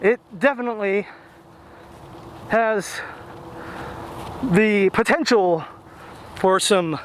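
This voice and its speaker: A man vlogging as he walks through a city park, chatty and excited, rambling as he films on a handheld camera. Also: sits high, slow pace, slight background noise. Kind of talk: casual walking tour narration.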